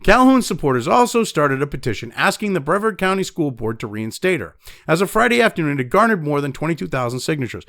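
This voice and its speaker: A man's voice: fairly high pitch, very animated, quick pace, a bit bright, dry recording, studio quality. A man giving angry, heavily profane news commentary, reading news excerpts aloud between blunt rants.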